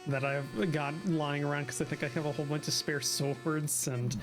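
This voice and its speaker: Chuckling higher-voiced man tabletop player. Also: fairly even intonation, normal speed, over music. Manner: jokey, chuckling, thinking out loud. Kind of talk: casual chat in a tabletop game.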